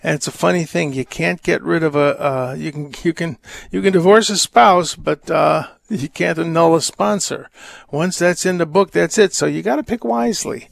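A man hosting a Catholic call-in radio show, reading letters and answering questions in a rambling, halting, wry way. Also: a little high, vocal fry, dry recording, clean studio sound. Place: radio studio. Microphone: studio microphone.

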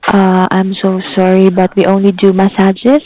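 A woman's voice: mid-range voice, completely flat delivery, normal speed, dark tone, a little hiss or hum. A woman answering the phone as a spa receptionist, polite and formal as she lists the services. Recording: dull phone line.

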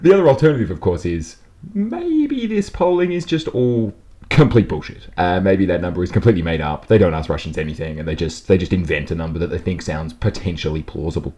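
Man with a very deep but wildly swinging voice, rambling comic riffs, laughs through his lines. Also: sing-song, fairly quick, dark tone. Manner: rambling, giggly, self-correcting asides. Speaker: comedy panel co-host. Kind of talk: casual comedic banter.

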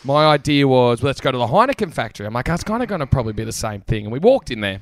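A man's voice: mid-range voice, very animated, rapid-fire, no room sound. A young Australian man, a podcast co-host, telling a rambling, sweary story through laughs. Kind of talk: casual storytelling chat.

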